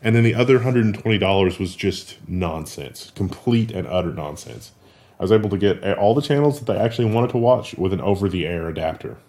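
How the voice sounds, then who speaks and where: Low-voiced man co-hosting tech news. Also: animated, darkish tone. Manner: quick, laughing, sarcastic asides. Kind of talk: casual news discussion.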